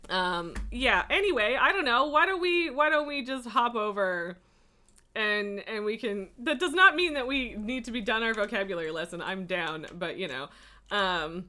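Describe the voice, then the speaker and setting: Bright-toned woman on stream, just yapping to chat, laughs a lot, swears casually. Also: a little high, lively intonation, normal speed. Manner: rambling, laughing, swears freely. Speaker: livestreamer.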